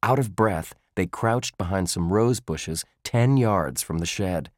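A man narrating a children's chapter book in a measured, expressive storytelling manner. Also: sits low, no room sound, clean studio sound. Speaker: audiobook narrator.

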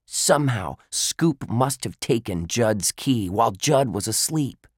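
A man's voice: medium pitch, lively intonation, unhurried, husky, dry recording, clean studio sound, voice pushed up. A man voicing an earnest young boy detective who reasons things out aloud.

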